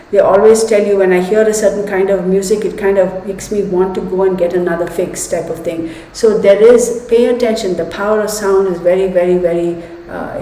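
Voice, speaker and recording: A woman's voice: mid-range voice, darkish tone. A woman hosting a tarot live stream, rambling through a personal story and talking straight to her viewers. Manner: chatty, rambling, addresses viewers as "y'all". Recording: echoey room.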